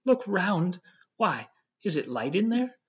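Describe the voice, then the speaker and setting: A man voicing an excitable, tearful young wife who pleads and frets. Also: fairly high pitch, normal speed, voice pushed up, close to an everyday voice. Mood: anxious pleading. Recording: dull lo-fi audio.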